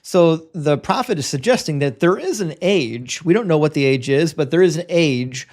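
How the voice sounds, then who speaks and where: A man hosting a live-streamed debate show and reading viewer messages, talking bluntly and lecturing, with quick stammered restarts. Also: a little high, lively intonation, darkish tone.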